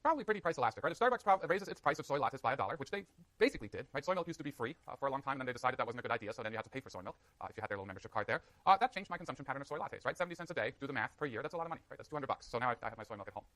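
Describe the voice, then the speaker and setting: A man giving a university economics lecture in a hall, energetic and joking with his students. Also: medium pitch, racing.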